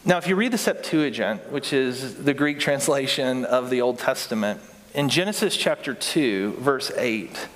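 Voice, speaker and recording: A man's voice: medium pitch, expressive, normal speed, fairly bright tone. Earnest preacher man in a reverberant hall. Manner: earnest preaching with building repetition. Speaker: pastor. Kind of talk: sermon.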